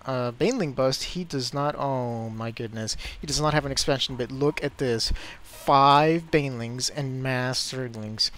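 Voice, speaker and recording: A young man commentating his own game replay as a tutorial, excitable and quick to get flustered in the fights. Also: medium pitch, a little hiss or hum.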